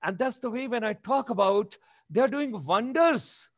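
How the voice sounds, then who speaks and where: A man's voice: very high-pitched, a little slow, no room sound, clean studio sound. A man in his seventies with an Indian accent, giving a motivational webinar talk with emphatic, repeated exhortations over a video call. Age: 70s. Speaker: motivational speaker.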